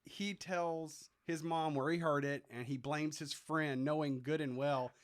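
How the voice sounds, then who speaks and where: High-voiced man laughing through a story. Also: measured pace. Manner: animated storyteller, laughs while retelling. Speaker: podcast co-host. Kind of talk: casual podcast chat.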